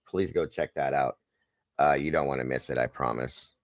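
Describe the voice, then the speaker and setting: A man with a low voice hosts a casual live stream. He greets viewers one by one and plugs their channels in a jokey, upbeat way. The sound is dry and close to the mic. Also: steady tone, normal speed, dry recording. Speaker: livestream host.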